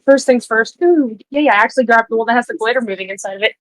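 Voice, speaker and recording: A woman with a high voice plays a tabletop game, recorded dry and close. She talks casually, explains what she's trying, and laughs between lines. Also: racing, fairly bright tone, no echo, poor audio. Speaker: player.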